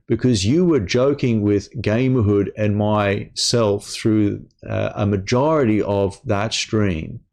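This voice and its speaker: A man's voice: on the low side, slow, gravelly, few pauses, a little mellow. A young man hosting a gaming channel, delivering an angry personal rant full of swearing, stammered restarts and repeated words.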